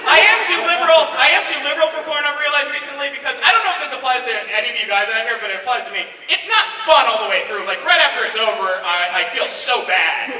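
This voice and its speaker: A man's voice: very high voice, quick pace, few pauses. A young man doing a stand-up comedy set with awkward, self-deprecating chatter full of filler words. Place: convention stage before a large laughing audience. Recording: distant echoey hall recording with loud crowd.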